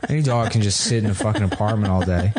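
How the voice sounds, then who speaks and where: A man co-hosting a podcast, telling rambling crude anecdotes in a deadpan way and slipping into funny voices. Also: fairly low pitch, quick pace. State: tired from no sleep. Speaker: podcast co-host. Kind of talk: casual comedic chat.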